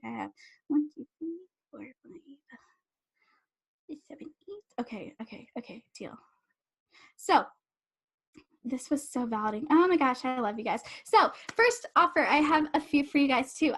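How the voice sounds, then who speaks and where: A young woman life coach hosting a live online summit, talking fast and rambling in a bubbly, effusive way over a video-call mic. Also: high voice, a bit bright. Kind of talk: casual live-stream talk to attendees.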